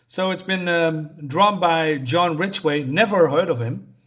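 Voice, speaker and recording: A man's voice: fairly high pitch, unhurried, a bit bright. A man reading a comic book aloud and reviewing it in a casual, rambling way. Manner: rambling, with frequent ums and restarts.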